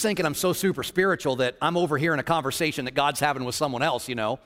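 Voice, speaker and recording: A man with a high, bright speaking voice preaches a story from his own life. He is animated and dramatic, swinging his pitch when he acts out what others said. The sound rings with the long reverb of a large hall. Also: quick pace, few pauses. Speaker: children's ministry leader. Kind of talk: sermon storytelling.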